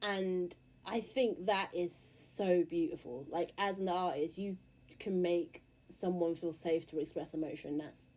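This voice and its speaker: A woman's voice: on the low side, fairly even intonation, a little slow, darkish tone. Blunt, candid British woman vlogging. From England. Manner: candid, blunt, earnest, swears freely. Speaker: musician and YouTuber. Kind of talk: casual monologue to camera.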